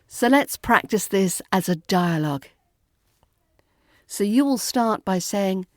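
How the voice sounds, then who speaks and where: A woman's voice: medium pitch, animated, slow pace, long pauses, a little mellow, no echo. A woman with a British RP accent, an accent coach giving a scripted lesson with dry humour and precise enunciation, then reading a fairy tale. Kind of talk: scripted lesson and storybook narration.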